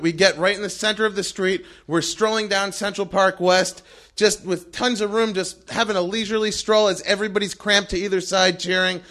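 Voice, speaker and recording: Animated, high-voiced male storyteller. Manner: animated, breathless, laughing through his story. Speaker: storyteller on stage. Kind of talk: live storytelling.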